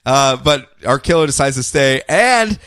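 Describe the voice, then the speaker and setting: A man's voice: mid-range voice, measured pace, clean tone, no echo, studio quality. A man co-hosting a podcast, chatting casually and animatedly about comic books and jumping into silly voices for the characters. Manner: animated, does silly voices when recapping. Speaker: podcast co-host. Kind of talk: casual comic book chat.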